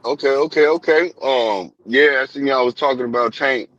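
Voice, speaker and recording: A man's voice: mid-range voice, moderate pace, fairly bright tone, highs cut off. A man joining a casual livestream panel late, greeting people in an easygoing way.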